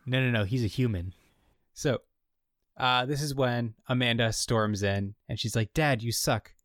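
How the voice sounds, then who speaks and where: A man co-hosting a casual podcast, recapping a show and acting out the characters' lines in an animated way. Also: mid-range voice, measured pace, no echo, clean studio sound. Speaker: podcast co-host recapping an episode. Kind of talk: casual chat.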